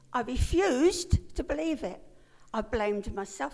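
A woman's voice: high voice, lively intonation, unhurried, a little mellow. An older woman telling her own story as a personal testimony, in an earnest, emotional way. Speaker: speaker giving a personal testimony.

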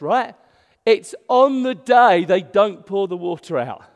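Preacher, reverberant hall. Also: male voice, sits high, takes it slowly. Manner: animated, swings from loud emphasis to hushed. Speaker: pastor. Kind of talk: sermon. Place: church.

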